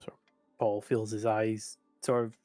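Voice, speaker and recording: A man's voice: on the low side, flat delivery, unhurried, over music. A man playing a tabletop game, describing his character's actions in the third person and speaking his lines. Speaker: player.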